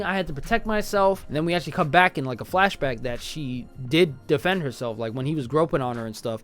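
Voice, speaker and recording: A young man giving a casual, slangy spoken movie review, swinging between loud outbursts and mumbled asides. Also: fairly high pitch.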